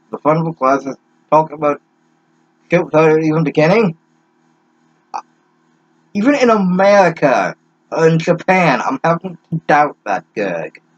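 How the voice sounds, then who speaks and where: A man's voice: mid-range voice, slightly rough, dry recording, highs cut off. A young man reading a fanfic aloud with sarcastic, profane asides, stumbling over words. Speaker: reader mocking a fanfic.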